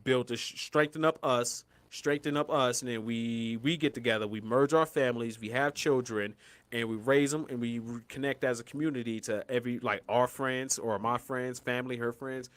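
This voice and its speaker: A young man from Colorado co-hosting a casual podcast, rambling and profane, breaking into loud hyped yelling. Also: medium pitch, fairly even intonation, fairly quick, clean tone. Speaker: podcast co-host.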